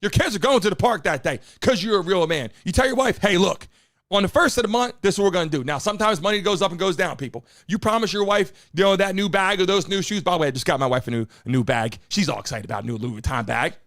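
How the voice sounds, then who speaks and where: A man hosts a live stream from a studio, loud and hyped, swearing as he rallies his chat. His voice sits high and swings widely. The sound is dry and close. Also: animated, fast talker, hardly any pauses, no echo. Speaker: live show host.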